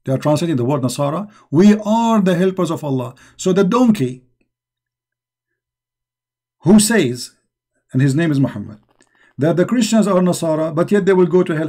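Mocking, emphatic man with a raised pitch. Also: animated, moderate pace, pauses often, dark tone. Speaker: online debate host. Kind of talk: live online discussion.

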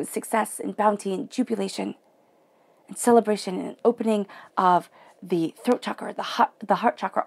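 A woman reads tarot in a gentle, heartfelt way. Her mid-pitched voice carries a gravelly creak. She often sinks to a near-whisper. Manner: soft, emotional, drops into near-whispers. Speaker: tarot reader. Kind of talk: guided spiritual reading.

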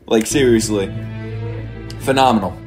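A rapper giving excitable, swear-heavy commentary for a reaction video, with music playing faintly behind him. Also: male voice, on the low side, unhurried. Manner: excitable, loud, swears constantly. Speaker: rapper reacting to anime themes.

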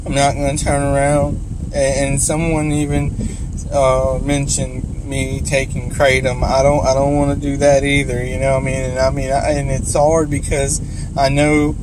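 A man's voice: mid-range voice, little pitch movement. Tearful man, traffic behind. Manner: halting, emotional, full of restarts and apologies. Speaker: vlogger in recovery. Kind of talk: emotional confessional vlog. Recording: outdoor recording with loud traffic noise.

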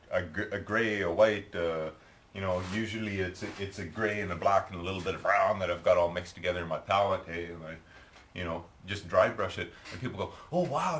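With a deep, slightly bright voice, a middle-aged Canadian man chats through a rambling story as he paints at home, his Canadian accent punctuated by "eh." A hobby painter and video maker, he's recorded with a little hiss or hum.

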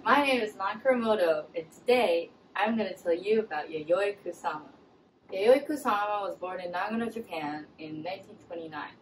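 A woman telling a comic story in an irreverent, animated way. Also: mid-range voice, normal speed, echoey room, recorded from a distance, a little hiss or hum, poor audio. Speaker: comedian storyteller.

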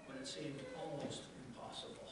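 A man's voice: mid-range voice, fairly even intonation, normal speed. Preacher man in an echoey church. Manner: preaching with rhetorical questions and dramatized quotes. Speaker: pastor. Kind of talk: sermon. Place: church sanctuary. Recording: echoey church from a distance with noise.

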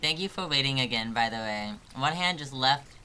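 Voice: mid-range voice, lively intonation, normal speed, bright, forceful tone, slight background noise. A live streamer commenting on a hard climbing game, exasperated and self-mocking, joking about being about to cry.

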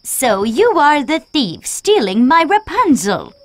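A woman voicing a menacing old female witch in an animated storybook, speaking in a slow, drawn-out, sing-song way. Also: fairly high pitch, no echo, exaggerated voice. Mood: accusing.

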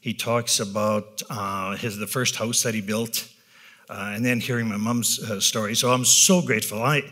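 A man's voice: fairly low pitch, fairly even intonation, bright, forceful tone. A man, around his fifties, giving a candid, self-deprecating personal talk to an audience, often tagging "right?" and rambling with restarts. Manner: rambling, with restarts and filler pauses. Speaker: business leader giving a talk.

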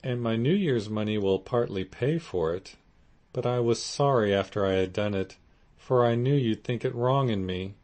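A man's voice: normal speed, a little mellow, lightly acted. A man voicing an anxious young wife. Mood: ashamed. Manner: pleading, raised and pitched up.

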